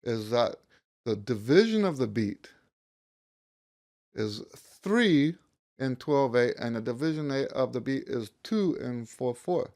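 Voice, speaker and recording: A male music teacher talks through a lesson at an unhurried, deliberate pace. He counts beats out loud and often stops to reword what he just said. His pitch sits in an ordinary middle range. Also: animated. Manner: counts beats aloud, rephrases himself mid-thought.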